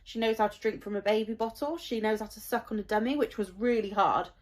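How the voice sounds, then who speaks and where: A woman's voice: mid-range voice, fast. A woman, talking in a heartfelt, rambling vlog as a parent, with many fillers. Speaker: parent vlogger. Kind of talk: casual vlog monologue.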